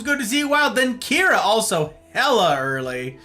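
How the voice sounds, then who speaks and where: A man's voice: sing-song, moderate pace, sharp tone. A man streaming live and greeting his chat one by one, playful and theatrical, with faint music behind him. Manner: playful, theatrical, swings between high exclamations and low murmurs. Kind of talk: casual livestream chat greeting viewers.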